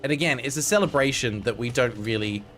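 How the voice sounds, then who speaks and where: A man's voice: mid-range voice, fast, fairly bright tone, faint music behind. A young man streaming a game, chatting to viewers with wry asides and the odd swear. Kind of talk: casual live-stream gameplay commentary.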